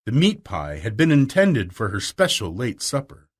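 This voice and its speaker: A man narrating a storybook with a lively melody. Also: mid-range voice, moderate pace, breathy edge. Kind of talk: scripted audiobook narration.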